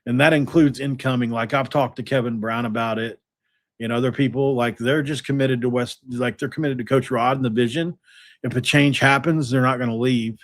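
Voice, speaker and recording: A man's voice: medium pitch, fairly even intonation, fairly quick. A man hosting a sports podcast, talking casually and rambling with lots of fillers and restarts.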